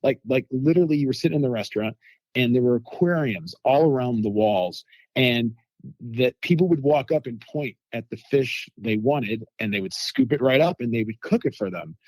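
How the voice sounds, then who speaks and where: Animated storytelling man, dry sound. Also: medium pitch, moderate pace, no echo. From United States. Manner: animated anecdotes with quoted voices. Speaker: food critic guest. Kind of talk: casual storytelling interview.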